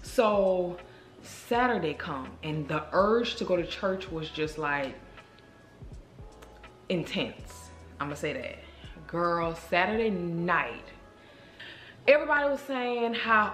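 A woman's voice: fairly low pitch, slow pace, pauses often, soft background music. Chatty woman vlogger in a roomy space. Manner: chatty, animated, talks straight to viewers. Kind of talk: casual storytelling to viewers. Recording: roomy echo.

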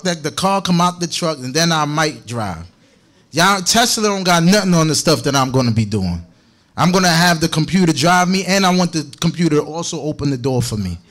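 Upbeat male preacher, joking, laughing, fairly high voice. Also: a bit bright. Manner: playful, laughing, chatty. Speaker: congregation teacher. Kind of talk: joking sermon talk.

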